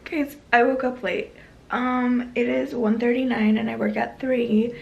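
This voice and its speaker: A woman's voice: on the high side, steady tone, a little slow, gravelly, darkish tone, husky, highs cut off. A young adult woman chatting casually to camera in a daily vlog, often cooing at her cat. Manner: chatty, talks baby-talk to her cat. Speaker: vlogger.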